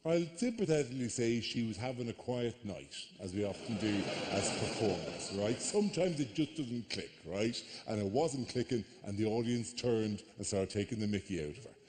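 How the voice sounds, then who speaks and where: An Irish man doing live stand-up comedy on a theatre stage, telling stories with animated mock outrage. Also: on the low side, moderate pace, few pauses. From Ireland. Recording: live theatre with long reverb.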